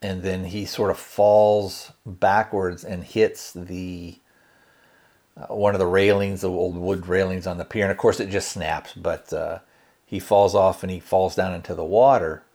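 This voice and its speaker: A man's voice: low-pitched, a little slow. A man hosting a podcast, loosely retelling a film's scenes and quoting the characters in his own voice, with plenty of kinda and you know. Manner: relaxed, hedging with fillers like kinda and you know. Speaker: podcast host reviewing a film. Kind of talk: casual spoken movie recap.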